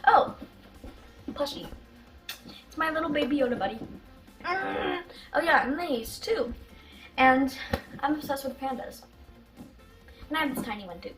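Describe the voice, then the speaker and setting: A female vlogger chatting excitedly through a casual show-and-tell of her toy collection, with giggles and gasps along the way. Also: high-pitched, a little slow, long pauses, over music.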